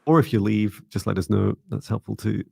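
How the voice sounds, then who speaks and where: A man co-hosting a live psychic reading stream, talking calmly and reassuringly and calling out to viewers. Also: on the low side, brisk, vocal fry, breathy edge, no echo. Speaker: psychic reader, livestream co-host.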